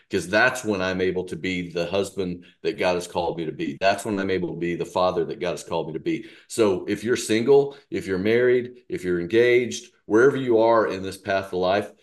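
Man, lowish voice, podcast co-host, steady and promotional. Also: normal speed, hardly any pauses. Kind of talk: casual talk with announcements.

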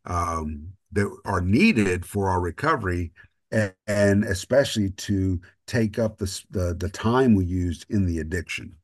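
Man, very low voice, casual podcast co-host, earnest and rambling. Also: expressive, measured pace. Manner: earnest, rambling with restarts and self-deprecating jokes. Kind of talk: casual recovery talk.

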